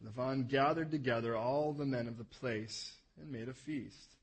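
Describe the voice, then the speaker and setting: A man with a husky, somewhat high voice reads scripture to his congregation. He is animated and stops often for asides and corrections. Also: low-quality recording. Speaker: preacher. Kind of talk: reading scripture aloud to a congregation.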